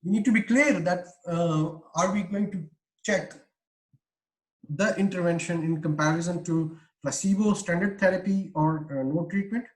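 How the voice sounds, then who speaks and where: A man's voice: high-pitched, normal speed, low-quality recording. A man giving an online research lecture over a video call, explaining with many "uh" fillers and restarts. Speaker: webinar lecturer.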